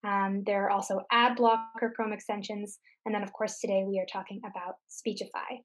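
A woman tech tutor giving a screen-share software lesson, explaining each step patiently. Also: mid-range voice. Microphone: computer mic on a recorded webinar.

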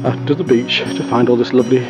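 A man's voice: mid-range voice, fairly even intonation, quick pace. A man, a dog trainer, outdoors in the countryside, giving commands and enthusiastic, sing-song praise to a puppy. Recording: outdoor field audio under loud music.

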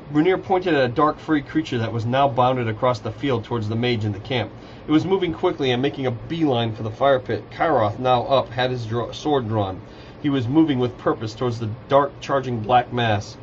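A man's voice: medium pitch, normal speed, slight background noise. A man reading his own fantasy novel aloud on a live stream, casual, with slips and restarts. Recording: dull lo-fi live stream audio.

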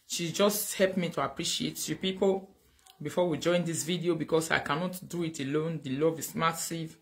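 This livestream host is a woman with a low voice and a Nigerian Pidgin English accent, speaking at a moderate pace. She's animated and casual, thanking viewers loudly and slipping into Pidgin.

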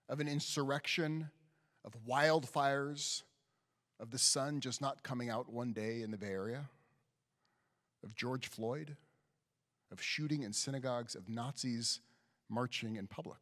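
A man's voice: medium pitch, a little slow, pauses often. A man, a rabbi, telling a story in a sermon and acting out the voices of the people in it. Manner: storytelling, animated, acts out quoted voices. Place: synagogue sanctuary. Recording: long hall reverb.

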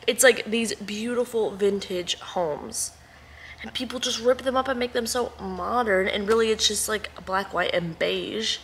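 A bubbly young woman chats to her camera at home, her voice bright and forward. She rambles happily and drops into quick whispered asides. A faint hum of the room sits behind her. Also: medium pitch. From Texas. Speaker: book vlogger. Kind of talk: casual chat to camera. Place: at home indoors.

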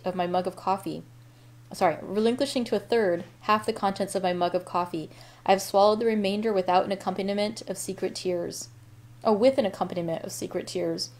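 A woman hosting a library read-aloud, reading a novel in a steady, unhurried way with small self-corrections. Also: mid-range voice.

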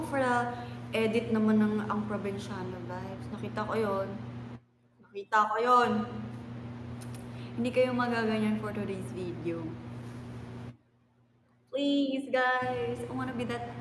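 A young woman with a Filipino accent and a fairly high voice hosts a casual livestream, reading viewers' comments aloud. She's playful and giggly, switching between English and Filipino, in an echoey room with long reverb and clear background noise.

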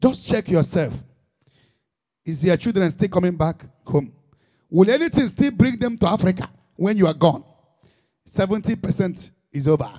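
A man's voice: sits high, expressive, moderate pace, long pauses, mellow. A man preaching an impassioned sermon in Igbo-accented Nigerian English, dropping in Igbo phrases.

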